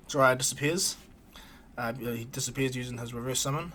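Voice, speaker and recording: A man's voice: medium pitch, a little fast, bright, forceful tone, a little hiss or hum. A man casually retelling a fan story as a streamer, rambling with ums and restarts. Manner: rambling, hesitant, many ums.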